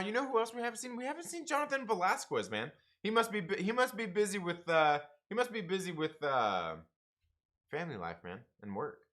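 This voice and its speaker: A man's voice: on the high side, bright, forceful tone. A man hosting a comics livestream, chatting casually with viewers, laughing often and calling people man and bro. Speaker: comics review livestream host.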